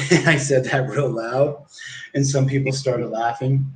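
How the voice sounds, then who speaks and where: A man's voice: medium pitch, steady tone, a little slow, recorded from a distance, a crowd in the background. A man casually telling a long story on a stream, rambling and swearing, with many fillers and restarts. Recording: echoey room with faint background noise.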